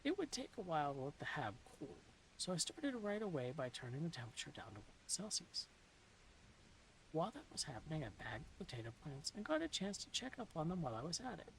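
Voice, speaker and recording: A woman reading a novel aloud in a soft-spoken ASMR style, slipping into whispers now and then, with dry, deadpan humor. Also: low-pitched, quick pace, slight background noise, rough recording. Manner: soft, dips into whispers at times.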